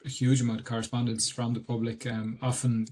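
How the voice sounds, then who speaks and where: Irish guy on a video call, pretty monotone, lots of ums and restarts. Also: medium pitch, brisk, a little hiss or hum. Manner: hesitant, many ums and restarts. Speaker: dictionary editor giving a webinar talk. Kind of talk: explanatory talk.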